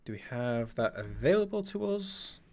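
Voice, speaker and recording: A man's voice: medium pitch, sing-song, moderate pace. A man chatting through a game livestream, thinking aloud and laughing often. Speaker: streamer. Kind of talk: livestream gameplay commentary.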